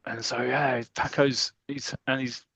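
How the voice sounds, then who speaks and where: A man's voice: mid-range voice, little pitch movement, measured pace, fairly bright tone, breathy edge, dry recording. A British man co-hosting a podcast, casually retelling a football comic story, acting out the characters and calling the action like live commentary. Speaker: podcast co-host.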